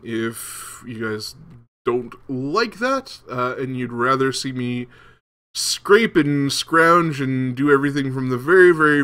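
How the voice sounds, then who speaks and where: A young man talks over a game he is playing, thinking out loud in loose, rambling chat. His voice is bright and a little forceful, and he stops often to say um or start a sentence over. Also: mid-range voice. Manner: rambling, many ums and restarts. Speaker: gaming video host. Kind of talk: casual let's-play commentary.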